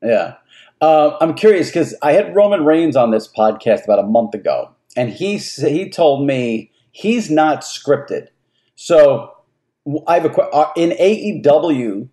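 Male podcast host with a very animated pitch and eager questions. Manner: enthusiastic, stacks up several questions at once. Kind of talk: casual interview chat.

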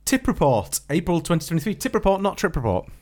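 A man's voice: a little high, very animated, quick pace, a little mellow. A man hosting a podcast, chatting casually, laughing easily and stumbling over restarts. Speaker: podcast host. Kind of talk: casual chat.

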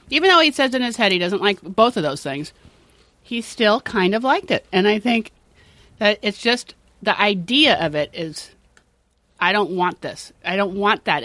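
Female TV-writer co-host, chatty and teasing, quick to laugh. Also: medium pitch. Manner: lively, laughs often, teasing. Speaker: co-host of a food show, TV writer. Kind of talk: casual chat.

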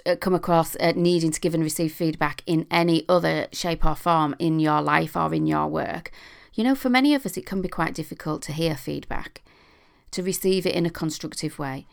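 A middle-aged woman with a British accent hosts a podcast in a casual, chatty monologue, full of ums and asides. Her voice sits a little low, smooth and resonant with a gravelly edge. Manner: chatty, frequent ums, self-deprecating humour. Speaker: podcast host.

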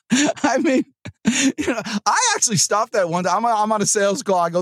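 A man hosting a sales podcast, talking in an energetic, rambling, chatty way with asides to his producer. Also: high voice, measured pace, long pauses, no room sound, clean studio sound. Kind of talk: casual motivational monologue. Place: studio.

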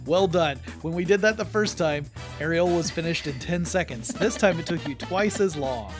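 A man co-hosting a geeky podcast in casual, jokey chat with quick asides. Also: a little high, over music. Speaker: podcast co-host.

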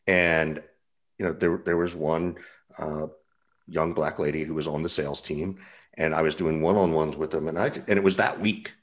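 Deep-voiced relaxed male podcast host. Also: moderate pace. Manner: relaxed, conversational with restarts. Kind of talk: casual interview chat.

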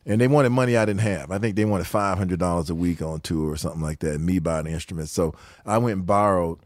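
Deep-voiced older man telling stories. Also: quick pace, no echo, studio quality. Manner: animated storyteller, quotes people, laughs often. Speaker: musician telling stories as a guest. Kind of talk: casual storytelling interview.

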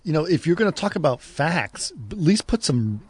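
A man's voice: fairly high pitch, big pitch swings, normal speed, breathy edge. A man in a casual political chat, talking in an easygoing way with exasperated asides.

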